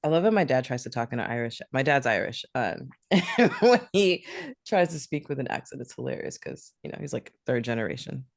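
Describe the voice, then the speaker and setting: A young woman co-hosting a podcast, chatting in an animated way and laughing often. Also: rumbling low, a little fast, creaky, dry recording, clean studio sound. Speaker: podcast co-host. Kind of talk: casual chat.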